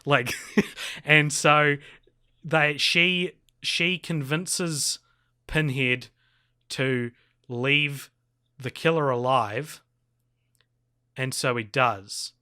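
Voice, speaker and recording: A man's voice: a little high, steady tone, very slow, long pauses, pushed and bright, clear, resonant tone. A man co-hosting a podcast, recapping a horror film in rambling casual chat with fillers and restarts. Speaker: podcast co-host.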